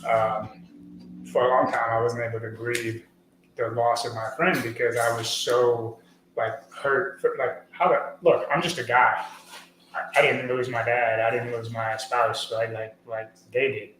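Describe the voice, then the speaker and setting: A man's voice: mid-range voice, little pitch movement, measured pace, a bit bright, echoey room, slight background noise, poor audio. A middle-aged man, a podcast guest, talking earnestly in a rambling casual way with many fillers and restarts. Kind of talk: casual conversational interview.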